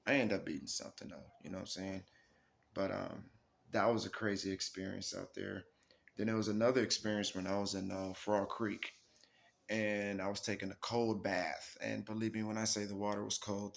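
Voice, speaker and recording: Gravelly man telling a casual story. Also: lowish voice. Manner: animated, slangy, repeats "you know what I'm saying". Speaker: storyteller recounting camp trips.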